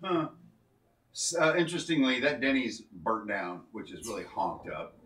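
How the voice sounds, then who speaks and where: A man's voice: on the low side, sing-song, moderate pace, a bit bright. Playful man in an echoey room. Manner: joking, playful, self-mocking. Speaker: co-host of a live show. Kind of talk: casual live-stream chat. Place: indoor room at home. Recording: echoey room, mic at a distance.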